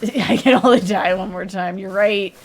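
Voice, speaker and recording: A woman's voice: mid-range voice, moderate pace. A woman streaming a video game, giving chatty, emotional, joking commentary. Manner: chatty, emotional, jokey reactions. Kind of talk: casual gameplay commentary.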